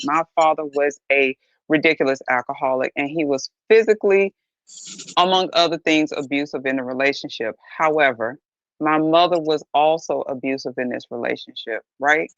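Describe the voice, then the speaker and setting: A woman talks with firm emphasis and throws out rhetorical questions. Her voice carries a gravelly fry at a middle pitch. The sound is dry and dull, like a lo-fi stream. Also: moderate pace, fairly bright tone, no room sound. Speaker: panelist on a live reaction show. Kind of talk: opinionated casual discussion.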